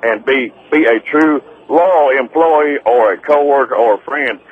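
A man's voice: mid-range voice, unhurried. A man calling in to a radio show, talking earnestly and stumbling over his words. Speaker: caller. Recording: tinny phone line.

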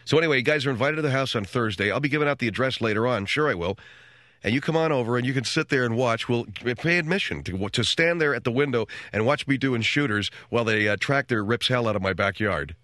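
A man's voice: mid-range voice, expressive, quick pace, sharp tone, no echo, studio quality. A middle-aged man hosting a radio talk show, telling rambling comic stories and acting out other people's voices along the way. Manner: rambling, wisecracking storyteller who acts out other people's voices.

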